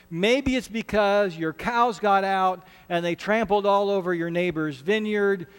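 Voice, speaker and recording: A man's voice: sits high, clear, resonant tone, in a large hall. A man preaching a sermon as pastor, earnest and conversational, often restarting his words. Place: church sanctuary.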